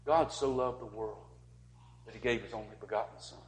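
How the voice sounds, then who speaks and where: A man preaching a sermon to a congregation, rising to forceful peaks and dropping to quiet, earnest pleas. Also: lowish voice, fairly quick.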